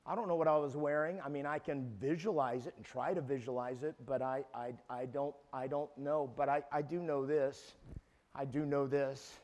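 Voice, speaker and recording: A man around sixty preaching a sermon, emphatic, repeating his words and building to shouted peaks. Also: mid-range voice, fairly even intonation, normal speed.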